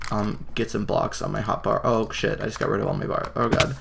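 A young man hosting a let's play, excitable and gasping, leaping to high shrieks when something scares him. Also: fairly quick, creaky. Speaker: gaming channel host. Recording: noisy home recording with keyboard clicks.

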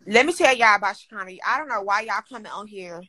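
A woman co-hosting a casual livestream chat, animated and teasing, often breaking into laughter. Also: mid-range voice, fast talker, dry recording.

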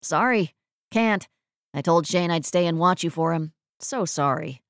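A woman voicing an apologetic, gently teasing man who speaks softly in an audiobook. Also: fairly low pitch, unhurried, dry recording, clean studio sound. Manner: soft, repeatedly apologetic.

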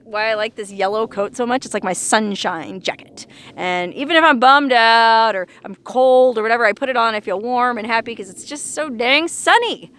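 A woman's voice: a little high, a bit bright, clean tone. Chatty woman vlogging outdoors. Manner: chatty and earnest, laughing often, folksy exclamations. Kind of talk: casual outdoor vlog monologue. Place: outdoors in the desert near Las Vegas.

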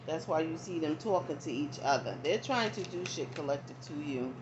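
A woman's voice: low-pitched, expressive, moderate pace. A woman giving a casual tarot reading to her viewers, talking to them directly and often checking in with asides. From not from the American South. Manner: conversational, frequent asides and check-ins to viewers. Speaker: tarot reader. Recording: dull lo-fi audio, faint background noise.

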